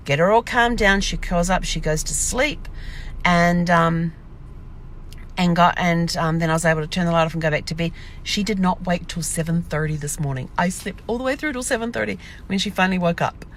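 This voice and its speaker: A woman's voice: low-pitched, fairly bright tone, slight background noise. A woman telling a rambling, casual diary vlog from her camper, acting out her own remarks as she goes. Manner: rambling storyteller, acts out her own quotes. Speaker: vlogger.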